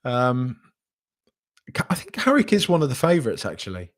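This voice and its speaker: Male podcast host, mid-pitched, casual live-stream chatter, hesitant with frequent restarts. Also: huge pitch swings, normal speed. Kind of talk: live reaction stream, reading chat.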